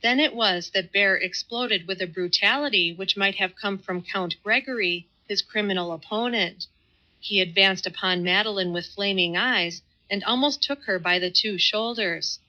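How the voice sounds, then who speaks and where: A woman reading a classic novel as an audiobook in calm, measured scripted narration. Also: mid-range voice. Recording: slightly muffled audio.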